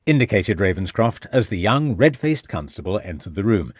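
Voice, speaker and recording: A male narrator reading a crime audiobook in a measured, expressive way. His voice is lowish and slightly husky with lively pitch, recorded close and dry. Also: no room sound. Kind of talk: scripted narration.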